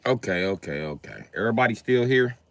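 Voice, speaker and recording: A man's voice: lively intonation, fairly quick, vocal fry, fairly bright tone. A man doing a profane, mocking stand-up rant on a live stream. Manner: profane, mocking, jumps in pitch. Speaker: comedian streamer.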